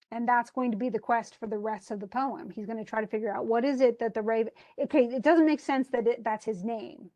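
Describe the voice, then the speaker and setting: This English literature instructor has a fairly high, darkish voice. She explains a poem to her class in a chatty way, often restarting her sentences and paraphrasing casually.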